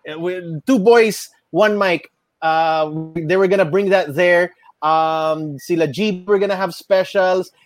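A man's voice: high-pitched, a little slow, no echo. A man with a Filipino accent, rambling and correcting himself in casual podcast chat. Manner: rambling, self-correcting, mixes Tagalog into English.

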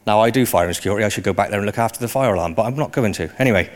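A man preaching a sermon in a conversational way, often rising into animated emphasis. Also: on the low side, fast.

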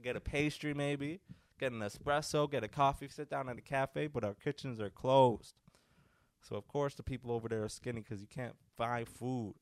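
A man's voice: mid-range voice, no room sound, clean studio sound. A young man hosting a casual solo podcast, rambling loosely with lots of fillers and restarts. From North America. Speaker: podcast host.

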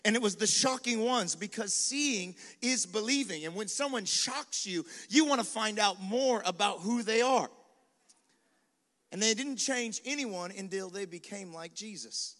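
A male pastor preaching a sermon in a lively, conversational style, with quick acted asides and dares to the congregation. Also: sits high. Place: large venue with live congregation. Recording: long hall reverb.

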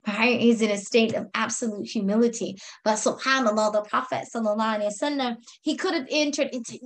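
A woman giving an earnest religious history lecture, telling the story with frequent "right?" checks and Arabic phrases. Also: a little high. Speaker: religious teacher.

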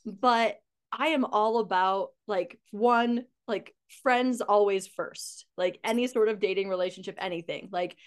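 A woman's voice: mid-range voice, a little slow, smooth. A woman hosting a podcast, talking in a blunt, casual way, swearing freely and laughing often. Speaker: podcast host. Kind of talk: casual chat.

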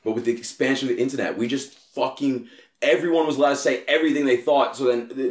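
Heard in a reverberant space, a fast-speaking man with a mid-range voice chats casually. His storytelling is animated, and the swearing is constant.

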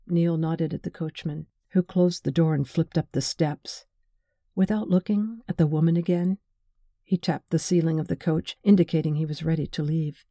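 A woman reading a novel aloud in measured, wry scripted narration. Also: deep voice, steady tone, dark tone, no echo, studio quality. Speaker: audiobook narrator.

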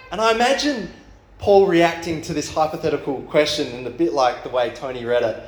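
A man's voice: a little high, a little fast, roomy sound. A man who is the pastor for youth and young adults, giving a sermon in a casual, storytelling way. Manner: casual storytelling with rising excitement. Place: church hall.

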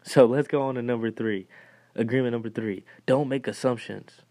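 A young man hosting a podcast, talking in a casual motivational monologue, animated and laughing often as he acts out what others said. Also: medium pitch, normal speed, dry recording. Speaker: podcast host.

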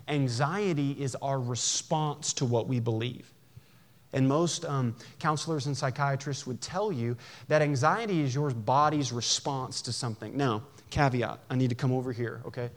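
A man preaching a sermon in a church, conversational and animated, with jokes and acted-out voices. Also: mid-range voice. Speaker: pastor.

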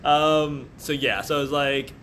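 A man co-hosting a podcast in casual chat, playful and animated, acting out characters with silly voices. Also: on the high side, unhurried, slight background noise. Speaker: podcast co-host.

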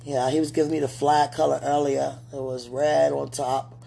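A woman's voice: deep voice, little pitch movement, moderate pace, creaky, dark tone, slight background noise. A middle-aged woman speaking an emotional, repetitive prayer aloud, pleading and talking to herself.

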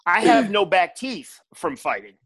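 A man's voice: high-pitched, big pitch swings, a little slow, background noise. An older man, a comedian on a podcast, telling stories bluntly with lots of swearing and emphasis. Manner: blunt, profane, emphatic storytelling. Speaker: stand-up comedian, podcast guest. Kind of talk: casual podcast chat.

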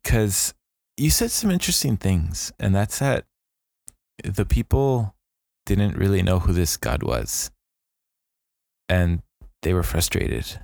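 Slow gravelly man reasoning aloud. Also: sits low, very animated, a little mellow, no echo, clean studio sound. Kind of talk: casual discussion of scripture.

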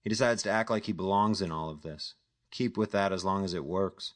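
A man narrating a crime thriller audiobook. His voice sits low and his storytelling is steady and matter-of-fact throughout. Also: a little fast. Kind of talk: scripted narration.

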